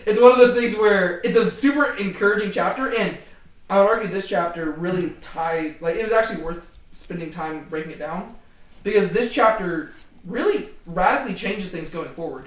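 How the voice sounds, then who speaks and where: A man leading a casual Bible study, talking in an animated way with many fillers. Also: high-pitched, normal speed, a little hiss or hum. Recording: echoey room, distant from mic.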